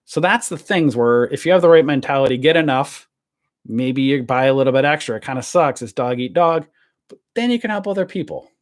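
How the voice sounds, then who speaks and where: A man's voice: medium pitch, lively intonation, brisk. A man hosting a stock trading channel, ranting to camera in a blunt, rambling way and swearing freely.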